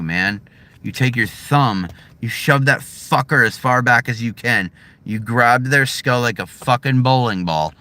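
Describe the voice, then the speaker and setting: Deep-voiced blunt, profane American man. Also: sharp tone, clear, resonant tone. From United States. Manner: blunt, profane, swings between heated and subdued. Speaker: vlogger. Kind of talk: casual livestream chat. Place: his driveway.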